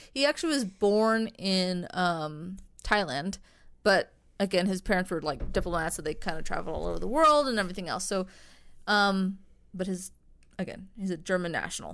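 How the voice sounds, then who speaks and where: A woman's voice: medium pitch, lively intonation, moderate pace, fairly bright tone. A woman co-hosting a podcast, telling a true-crime story in a loose, rambling way, full of "like" and "um" and casual swearing. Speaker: podcast co-host.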